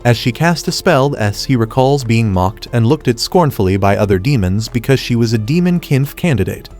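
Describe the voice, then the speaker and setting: A man reading a scripted anime recap as narrator, in a steady, rapid retelling. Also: medium pitch, faint music behind.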